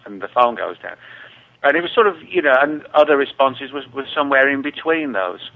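A man's voice: mid-range voice, animated, brisk. An English-accented man talking casually as a guest, rambling with many restarts. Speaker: guest researcher. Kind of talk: casual interview talk. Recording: tinny phone-like line.

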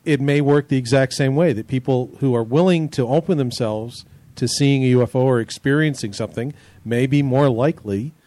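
Measured, skeptical male co-host, mid-range voice, dry close recording. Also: mid-range voice, warm tone, dry recording. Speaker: podcast co-host. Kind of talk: casual panel discussion.

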